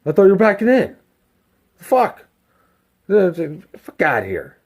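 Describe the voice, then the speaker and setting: A man voicing a hostile dock worker who snaps and swears at a delivery driver, pitched well above his own voice. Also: wildly swooping pitch, unhurried, darkish tone, heavily acted. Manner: snapping, swearing, confrontational.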